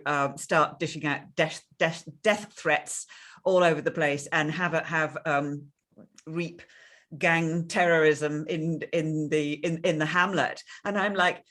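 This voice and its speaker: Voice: medium pitch, fairly bright tone. An interview host sharing a personal story, speaking with many restarts and fillers. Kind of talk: conversational interview.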